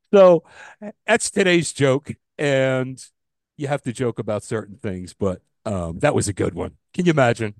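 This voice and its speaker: A man's voice: medium pitch, expressive, slow pace, long pauses, no room sound, studio quality. A middle-aged man co-hosting a casual podcast, telling stories and jokes in a loose, joking way with the odd swear. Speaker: podcast co-host. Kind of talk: casual chat.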